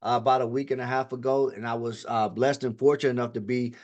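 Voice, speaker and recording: A man hosting a live online presentation who talks quickly and eagerly, rolling from one money figure to the next like a seasoned salesman. His voice sits at an ordinary middle pitch, and he keeps pulling the audience in with repeated call-outs and quick check-ins. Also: steady tone, lo-fi sound. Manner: fast-talking, hype-driven salesman patter; repeats "ladies and gentlemen" and "all right". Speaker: webinar presenter.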